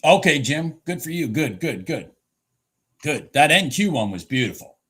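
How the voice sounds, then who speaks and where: Husky guy hyped up calling trades live, voice jumping all over, kinda high. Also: moderate pace. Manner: excitable, exclaiming, repeats himself. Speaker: futures trader streaming live. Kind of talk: live trading commentary.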